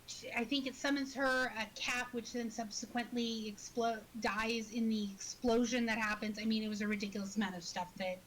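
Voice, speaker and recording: A woman's voice: a little high, fairly even intonation, a little fast, hardly any pauses, a bit bright, a little hiss or hum, poor audio. A woman chatting casually about her tabletop game character, restarting her sentences and laughing often. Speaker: podcast co-host.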